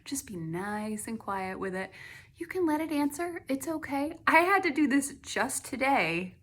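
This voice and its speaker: A middle-aged woman artist talking casually to camera, chatty with many fillers, sometimes dropping to a soft hush. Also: high-pitched, big pitch swings, unhurried. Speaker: artist and host.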